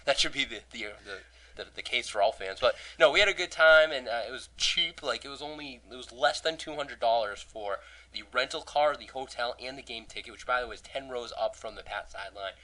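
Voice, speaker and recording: A young man hosting a casual podcast, hoarse from losing his voice. He rambles, jokes, swears and restarts often. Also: medium pitch, a little fast, pushed and bright, low-quality recording. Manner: rambling, profane, joking, many restarts. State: hoarse, lost voice. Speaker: podcast host.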